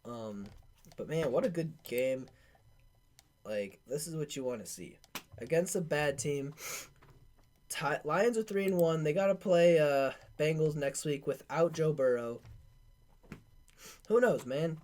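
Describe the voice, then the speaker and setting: A man's voice: a little high, unhurried, pauses often, a little mellow. A man hosting a casual sports podcast, rattling off game stats with slangy filler words and loose asides. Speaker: podcast host.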